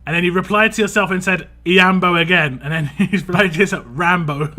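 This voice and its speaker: A man's voice: high voice, brisk, pushed and bright. A man casually streaming a mobile game, reading viewer comments aloud in a playful sing-song and chatting about characters.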